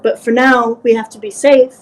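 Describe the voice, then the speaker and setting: A woman's voice: on the high side, little pitch movement, moderate pace, a little hiss or hum, rough recording. A woman player in a tabletop game, reassuring and earnest in character. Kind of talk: tabletop role-play.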